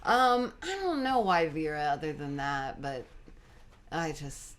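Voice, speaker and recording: A woman guest in a casual interview, telling animated stories, laughing often and acting out quoted dialogue. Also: low voice, measured pace.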